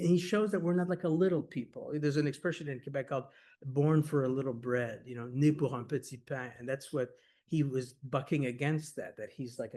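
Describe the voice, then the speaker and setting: This man's voice sits in the middle range with a somewhat dark tone. He's giving a lively, chatty lecture at an academic workshop, rushing through anecdotes with enthusiasm, leaning on "like" and "you know," and occasionally breaking into laughter.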